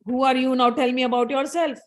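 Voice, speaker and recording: A woman's voice: sits high, steady tone, brisk, close to an everyday voice. Woman putting on proud male god-king, bragging, storytelling. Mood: boastful. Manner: boastful, indignant.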